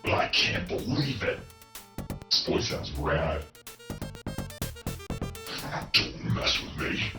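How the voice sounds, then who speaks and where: A man streaming retro games through a voice changer that pitches him down into a deep male cyborg, chatting casually and cracking jokes. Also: slow, echoey room, far from the mic, over music. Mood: wry. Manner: casual, wisecracking game commentary.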